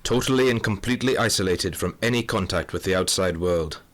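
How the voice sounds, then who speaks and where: Against a noisy background, a deep-voiced man speaks briskly as the wry narrator of a comedic mystery audio drama. He lightly acts the role of a dry, melodramatic, hard-boiled middle-aged Scotland Yard inspector.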